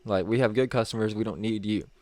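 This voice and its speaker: Animated low-voiced man telling a story. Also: fast, dry recording. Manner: animated, acts out quoted people with a raised voice. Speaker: podcast co-host. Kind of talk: casual chat, storytelling.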